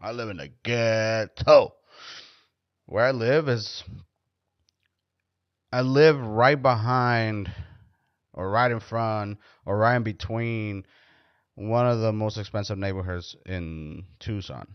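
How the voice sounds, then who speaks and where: A man's voice: fairly low pitch, slow pace, clean tone, dry recording. A man hosting a podcast, telling stories in a loose, profane, rambling way. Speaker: podcast host. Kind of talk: casual storytelling podcast chat. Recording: dull lo-fi recording.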